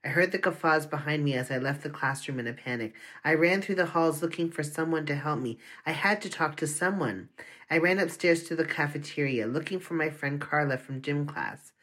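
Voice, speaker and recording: An earnest audiobook narrator reading a first-person story in a confessional tone. The pitch sits in the middle range. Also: fairly quick, fairly bright tone.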